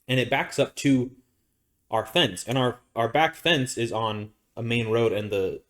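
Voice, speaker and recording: A man from Arizona who co-hosts a podcast, spinning a long anecdote in casual chat. His voice sits at an ordinary middle pitch, and he rambles along with plenty of restarts and fillers. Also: unhurried. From Arizona, United States. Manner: rambling, animated storyteller with many restarts and fillers. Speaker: podcast co-host.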